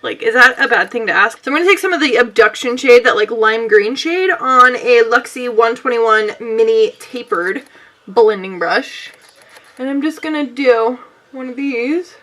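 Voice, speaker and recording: Bubbly, bright-voiced young woman vlogger. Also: a little high, expressive, moderate pace. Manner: rambling, bubbly, self-mocking. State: sweaty and out of breath. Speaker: beauty vlogger. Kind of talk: chatty makeup tutorial.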